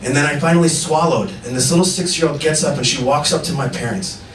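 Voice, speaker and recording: A man doing a stand-up comedy set, telling animated stories built up to punchlines. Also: a little high, quick pace. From Indian and American. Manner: energetic, animated storytelling with punchlines. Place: large live venue with audience. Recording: echoey live venue, mic heard from far off, audience noise.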